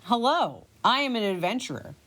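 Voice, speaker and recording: A woman's voice: fairly high pitch, sing-song, normal speed, fairly bright tone. Lady playing a brave young adventurer, formal and polite. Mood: earnest.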